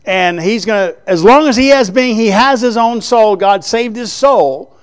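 This man's voice is high-pitched and smooth, with lively intonation and a measured pace. He preaches a Bible lesson conversationally, writing on a board as he goes and often posing rhetorical questions to the audience.

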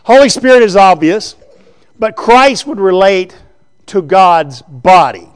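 His high-pitched, smooth voice takes things slowly. He's preaching a Bible teaching sermon conversationally, checking in with the audience through frequent rhetorical questions while writing on a board.

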